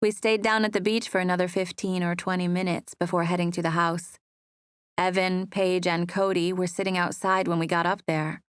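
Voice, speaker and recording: A woman narrating a first-person romance audiobook in a soft, intimate storytelling manner on a close studio mic. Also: fairly low pitch, little pitch movement, moderate pace, clean tone, no echo.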